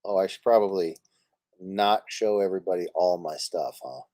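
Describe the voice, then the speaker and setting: A man's voice: deep voice, moderate pace, no room sound, studio quality. A man hosting a live stream, chatting casually and laughing while he plays a card game with friends. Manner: animated, laughing, swearing playfully. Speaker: streamer host.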